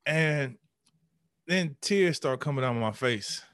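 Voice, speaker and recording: A man in his thirties, a podcast guest, telling an emotional personal story and acting out the voices of his past self with sudden lively bursts. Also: medium pitch, measured pace, no echo, studio quality. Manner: animated, acts out his own past voice.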